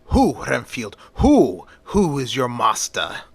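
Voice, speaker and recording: A man's voice: medium pitch, wildly swooping pitch, slow, husky, no echo, exaggerated voice. Man doing a learned old vampire-hunting professor. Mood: explaining.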